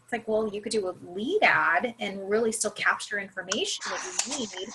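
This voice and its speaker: A woman hosting an online webinar in casual chat, animated and quick to laugh, with rambling asides. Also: mid-range voice, noisy background. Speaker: webinar host.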